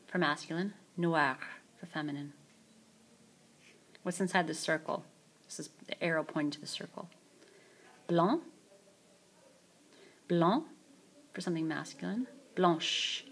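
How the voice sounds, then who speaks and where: A woman teaching French vocabulary in a screencast, saying each phrase slowly and then repeating it. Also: deep voice, a bit bright. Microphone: tablet mic.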